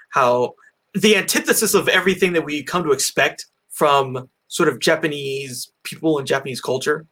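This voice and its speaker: A man's voice: medium pitch, a bit bright. A man hosting a casual movie review chat over an online call, rambling with lots of fillers and restarts. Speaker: podcast host. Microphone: own mic on an online call.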